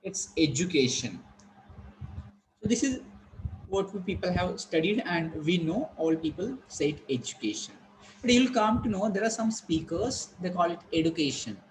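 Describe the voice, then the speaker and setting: A man's voice: sits high, moderate pace, slight background noise, low-quality recording. A man teaching an online pronunciation lesson, repeating words and quizzing his students. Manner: repetitive, drilling questions at students. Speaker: English teacher.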